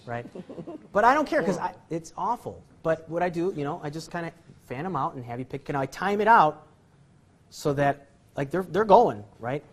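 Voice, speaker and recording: Fairly high-pitched and breathy, this instructor's voice swings widely in pitch while he talks at a normal speed. It's a casual card-trick demonstration full of rambling, jokey asides and frequent chuckles aimed at himself.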